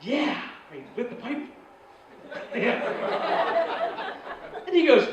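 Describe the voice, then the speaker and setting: Stand-up comic in an echoey club. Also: male voice, extremely high pitch, wildly swooping pitch, unhurried, pauses often, background noise. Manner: storytelling, acting out other people's lines. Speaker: stand-up comedian. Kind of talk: stand-up routine. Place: comedy club stage. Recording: echoey club, far mic, crowd laughter.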